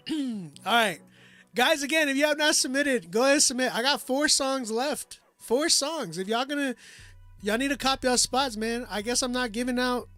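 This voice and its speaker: A man's voice: extremely high pitch, moderate pace, sharp tone, no echo, soft background music. A man reviewing listeners' songs live on a stream. He talks in a loose, slangy way, laughs often and trails off with "like". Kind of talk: casual live-stream chat.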